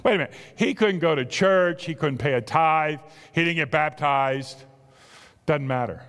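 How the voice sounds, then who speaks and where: A man with a South Jersey accent preaching a sermon, animated and exclamatory, full of rhetorical questions. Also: on the high side, moderate pace, clear, resonant tone, long reverb tail. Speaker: pastor.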